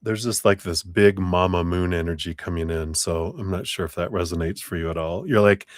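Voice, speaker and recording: A tarot reader with a low-pitched voice talks briskly during a live-stream reading, the sound clean and studio-like with no echo. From a home room where an air conditioner runs, he rambles, chats and laughs.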